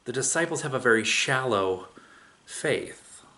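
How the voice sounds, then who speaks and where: A man's voice: medium pitch, expressive, a little slow, pushed and bright. A man preaching a sermon, retelling a scripture story in a casual, conversational way with everyday asides. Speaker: pastor.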